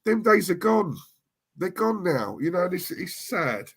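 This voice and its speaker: A man's voice: sits high, sing-song, a little slow, a bit bright, slightly rough. A man, talking bluntly and emphatically in a casual chat.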